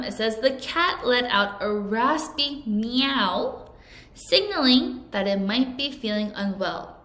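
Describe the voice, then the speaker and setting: A woman teaching English vocabulary to children in a recorded lesson. She speaks clearly and over-enunciates, and she prompts the class to repeat after her. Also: fairly high pitch, fairly bright tone. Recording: echoey room.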